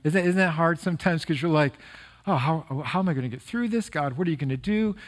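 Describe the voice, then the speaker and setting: A man's voice: a little high, fast. A middle-aged male pastor giving a conversational, earnest sermon that turns emotional during personal stories.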